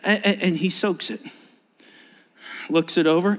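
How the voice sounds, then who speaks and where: Male preacher, high voice, lively storyteller, echoey hall. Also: unhurried. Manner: animated storytelling, acts out scenes. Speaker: pastor. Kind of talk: sermon. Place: large church auditorium.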